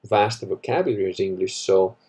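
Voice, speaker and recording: Husky man rambling. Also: low voice, fairly quick, mellow. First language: Italian. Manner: rambling, profane, wry. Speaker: livestream host. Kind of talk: casual livestream chat reading comments.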